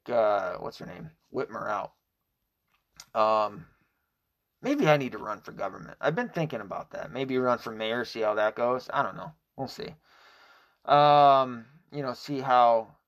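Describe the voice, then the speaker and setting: A man hosting a casual livestream, talking bluntly and profanely, restarting often and chuckling at himself. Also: on the low side. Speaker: livestream host. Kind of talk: casual rambling livestream talk.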